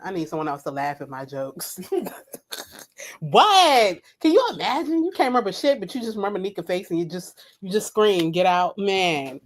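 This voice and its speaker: A woman's voice: medium pitch, very animated, moderate pace. A woman hosting a late-night live reaction stream, blunt and profane, laughing at her own jokes. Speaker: reaction video host. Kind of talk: casual live reaction commentary. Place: home at night.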